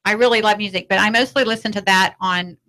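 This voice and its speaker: A woman from Texas hosting a casual radio talk show in a studio, friendly and quick to laugh. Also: medium pitch, pushed and bright, rough recording. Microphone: studio microphone.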